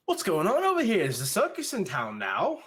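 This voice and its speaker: Man putting on fussy gossiping villagers, high, prim, nosy. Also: wildly swooping pitch, fairly quick, fairly bright tone, slightly rough, exaggerated voice.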